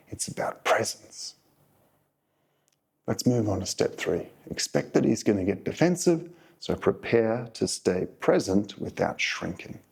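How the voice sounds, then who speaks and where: A man runs a relationship advice channel, coaching his viewers in a calm, deliberate monologue. His voice is fairly low, creaky, and husky.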